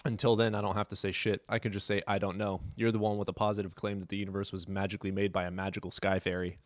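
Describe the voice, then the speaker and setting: A man's voice: sits low, flat delivery, fast talker, no echo, studio quality. A man hosting a live stream, chatting casually with his chat in a blunt, sarcastic and profane way.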